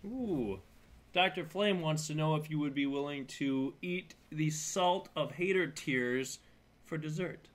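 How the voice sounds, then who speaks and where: A man's voice: fairly high pitch, unhurried. A man co-hosting a live stream, reading out viewer questions to a character. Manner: reads out chat questions to a character. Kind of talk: casual live stream chat.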